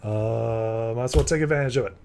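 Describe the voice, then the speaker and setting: A man's voice: mid-range voice, a little fast, gravelly, dark tone, slight background noise. A laid-back man playing a tabletop game who laughs often. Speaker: player.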